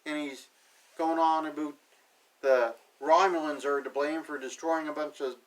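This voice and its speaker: Man, slightly high voice, sarcastic casual recap, offhand paraphrasing, mic set back. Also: fairly even intonation, unhurried, distant mic, low-quality recording. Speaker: TV episode reviewer.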